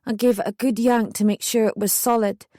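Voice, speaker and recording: A woman's voice: on the high side, little pitch movement, fairly quick, mellow, no echo, clean studio sound. A young woman narrating a true first-person memoir as an audiobook, intense and emotional in her retelling.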